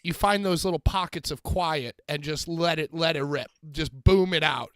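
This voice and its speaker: Bright, high-voiced man rambling on a podcast. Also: moderate pace, clean tone, no room sound. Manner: rambling, laughing, trails off mid-sentence. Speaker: wrestling podcast co-host. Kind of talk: casual podcast banter.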